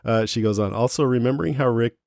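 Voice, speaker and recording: A man's voice: mid-range voice, fast, vocal fry, darkish tone, dry recording, studio quality. A man co-hosting a podcast, reading listener comments aloud with wry jokes in casual chat. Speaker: podcast co-host.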